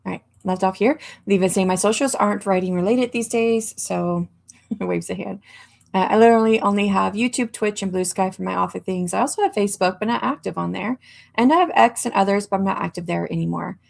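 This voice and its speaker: A woman's voice: medium pitch, a little fast, vocal fry, darkish tone. A woman hosting a writing livestream, chatting casually and reading out viewer comments, rambling with fillers and laughs. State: hiccups. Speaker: livestream host.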